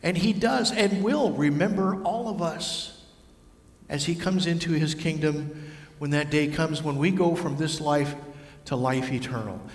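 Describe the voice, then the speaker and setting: A man's voice: on the high side, measured pace. Man preaching in an echoey hall. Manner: storytelling, varies voice for figures. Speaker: pastor. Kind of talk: sermon. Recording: echoey hall with long reverb.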